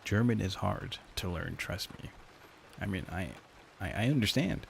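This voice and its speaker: Deep and creaky, yet with lively intonation at a normal speed, this young streamer's voice comes with a faint hiss or hum. He talks loosely and profanely with his live chat, frequently using "like" and "dude."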